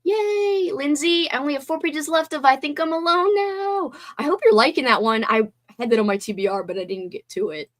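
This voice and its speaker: A woman's voice: high-pitched, brisk, hardly any pauses. A woman hosting a casual livestream, chatting and reading viewer comments aloud. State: teary, voice breaking. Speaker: livestream host.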